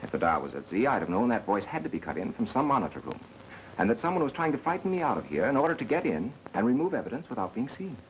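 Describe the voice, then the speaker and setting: A man's voice: medium pitch, sing-song, fast talker, a little hiss or hum, lightly acted. An actor playing a cocky, analytical male radio engineer turned amateur sleuth, with a dry, know-it-all manner, in a 1930s film. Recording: dull 1930s film soundtrack with music.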